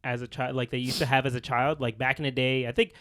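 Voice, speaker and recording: A laid-back man co-hosting a podcast, chatting in a relaxed, rambling way with easy laughter. His voice sits at an ordinary middle pitch. The sound is close and dry, with no room echo. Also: quick pace. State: feeling hot. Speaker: podcast co-host. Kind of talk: casual chat. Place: small room with lights and camera.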